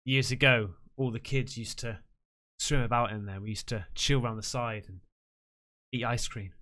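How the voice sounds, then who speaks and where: A man's voice: mid-range voice, steady tone, moderate pace, a bit bright. A man reacting to a video, swearing and exclaiming in alarm. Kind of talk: casual reaction commentary.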